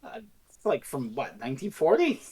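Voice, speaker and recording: A woman co-hosting a casual review podcast, animated and swearing freely, acting out characters as she talks. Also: extremely low pitch, normal speed. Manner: animated, acts out characters in exaggerated voices. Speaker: podcast co-host.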